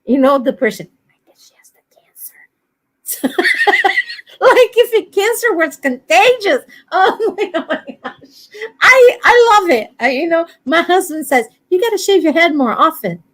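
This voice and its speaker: A woman with a high voice, chatting casually on a livestream. She tells lively stories, acts out bits of dialogue and laughs often. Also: moderate pace. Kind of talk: casual chat.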